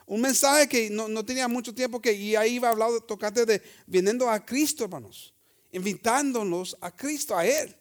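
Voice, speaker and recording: A pastor with a rather high male voice preaches in a bilingual sermon. He draws out scripture verses slowly, then drops to a low, soft finish as each thought ends.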